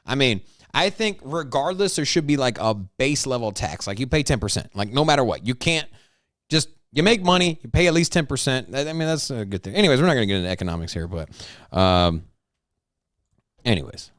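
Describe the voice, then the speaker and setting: A man's voice: medium pitch, very animated, a little fast, a bit bright, no room sound, clean studio sound. A man co-hosting a casual crypto chat, playful and rambling, with lots of fillers. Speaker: co-host.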